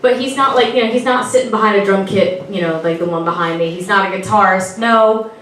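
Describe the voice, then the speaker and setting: A woman's voice: mid-range voice, a little fast, fairly bright tone, slight background noise. Teasing woman comic in an echoey club. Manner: playful, teasing audience banter. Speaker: stand-up comedian. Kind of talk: stand-up comedy routine. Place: comedy club stage. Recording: echoey club from far, with audience. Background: audience laughter.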